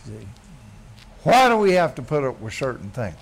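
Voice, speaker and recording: A man preaching a blunt, folksy sermon, dropping to quiet asides and then yelling. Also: mid-range voice, big pitch swings, moderate pace, gravelly. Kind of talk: fiery sermon.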